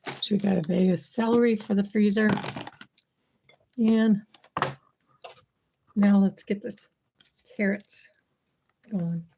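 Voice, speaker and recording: Mellow-voiced woman chatting on a livestream. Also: medium pitch, vocal fry, a little hiss or hum. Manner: chatty, thinking aloud while working. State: losing her voice. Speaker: livestream host. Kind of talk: casual kitchen livestream chat.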